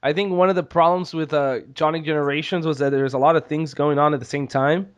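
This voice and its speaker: A man's voice: fairly high pitch, steady tone, quick pace, smooth. A man co-hosting a podcast, talking loosely, trailing off and swearing casually. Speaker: podcast co-host. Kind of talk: casual chat.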